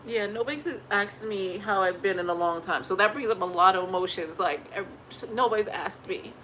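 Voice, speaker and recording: A woman's voice: medium pitch, fairly quick, a bit bright, slight background noise, low-quality recording. A pregnant woman chatting candidly to her viewers on a phone, earnest and rambling, often laughing mid-sentence. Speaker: family vlogger. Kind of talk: candid casual chat to viewers.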